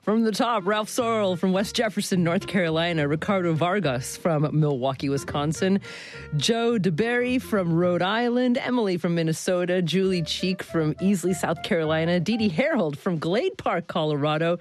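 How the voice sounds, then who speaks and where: A woman hosting a public radio talk show, articulate and measured, introducing callers and a guest. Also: on the low side, animated, faint music behind. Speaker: radio host.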